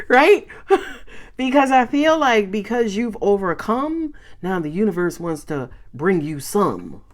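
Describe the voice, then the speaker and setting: A woman giving a casual tarot reading to camera, chatty and excitable, swearing freely and laughing often. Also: medium pitch, slow. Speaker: tarot reader.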